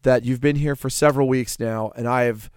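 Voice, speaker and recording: A man quoting a gruff drill instructor. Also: mid-range voice, steady tone, fairly quick, dry recording, clean studio sound, lightly acted. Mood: scornful. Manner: gruff and insulting. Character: harsh male drill instructor. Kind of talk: acted quote in a podcast story.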